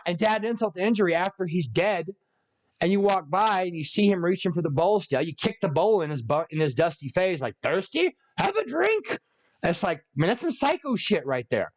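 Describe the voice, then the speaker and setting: A man ranting about a movie, sarcastic, profane and rambling. His voice sits a little high for a man. He talks off the cuff, with lots of restarts and asides. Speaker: video creator. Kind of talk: unscripted movie rant.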